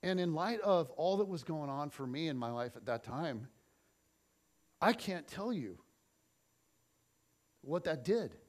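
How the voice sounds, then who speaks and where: Animated pastor, a man with a higher voice. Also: measured pace, long pauses. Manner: animated, swings between loud and soft. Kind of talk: sermon with personal storytelling. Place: church.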